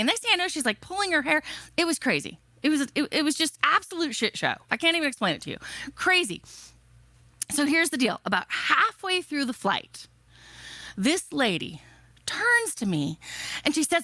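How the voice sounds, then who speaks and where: Emphatic, lively woman giving a keynote. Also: fairly high pitch, moderate pace, no echo. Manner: energetic, emphatic, repeating rhetorical questions. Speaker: keynote speaker. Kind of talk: motivational keynote speech.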